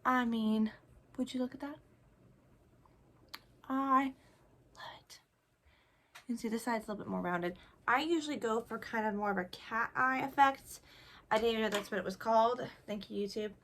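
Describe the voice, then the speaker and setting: A woman's voice: on the high side, normal speed, pauses often, fairly bright tone. A young woman chatting casually while she tests makeup, joking about herself as she works. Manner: chatty, self-deprecating, talks while applying makeup. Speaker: beauty vlogger. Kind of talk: casual makeup tutorial chat.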